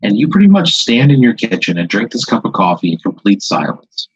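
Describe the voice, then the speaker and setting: A man improvising a second-person story to a guest, halting and full of filler words. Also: fairly low pitch, very animated, breathy edge, no echo, muffled recording. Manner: rambling, halting, many "like"s.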